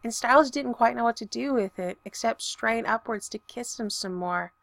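Gravelly woman narrating a story. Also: a little high, normal speed, a bit bright, no room sound. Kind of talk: audiobook fiction reading.

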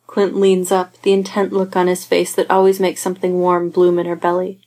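A woman narrating a fan fiction story aloud in a steady, unhurried way. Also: lowish voice. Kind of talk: fan fiction audiobook reading.

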